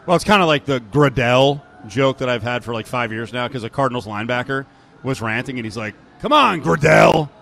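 A man's voice: mid-range voice, fairly quick, fairly bright tone, slight background noise. Joking man co-hosting sports radio. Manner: joking, sarcastic banter. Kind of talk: casual sports talk.

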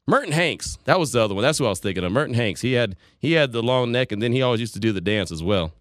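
A man hosting a sports radio show in a loose, rambling, chatty way. His voice sits at an ordinary pitch and sounds close and dry in the studio. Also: animated, fast, dry recording. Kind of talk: casual sports talk radio. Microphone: studio microphone.

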